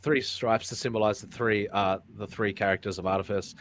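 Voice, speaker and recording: A man's voice: lowish voice, steady tone, fairly quick, a bit bright, a little hiss or hum. A man hosting a casual live-streamed talk show, rambling and repeating his words, often breaking into laughs. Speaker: podcast host.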